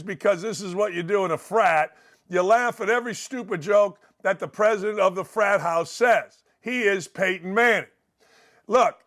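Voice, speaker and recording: A man with a fairly high voice rants as a sports talk host. He is blunt and heated, with profane jabs. He speaks in a hard, opinionated monologue. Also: a bit bright. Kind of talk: opinion rant.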